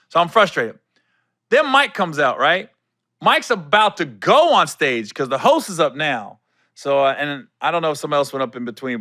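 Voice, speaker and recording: A middle-aged man hosting a solo podcast, telling a backstage story in a loose, animated way and acting out the people in it with a curse here and there. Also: a little high, dry recording, clean studio sound. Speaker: podcast host.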